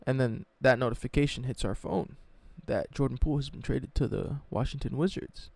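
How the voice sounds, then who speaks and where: A man telling a sports story in a mocking, animated, profane way, as a sports YouTuber. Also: mid-range voice, a little fast, gravelly, dry recording.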